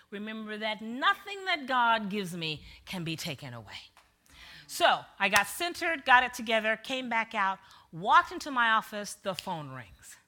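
There's slight background noise as a woman minister delivers her sermon in a mid-range voice. She tells a story with animated energy, alternating between whispered asides and booming punchlines.

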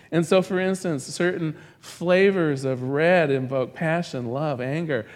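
A man preaching a sermon, telling stories in a lively, animated way. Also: on the high side. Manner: animated storytelling, acts out a joke with rising excitement. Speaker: pastor. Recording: long reverb of a large hall.

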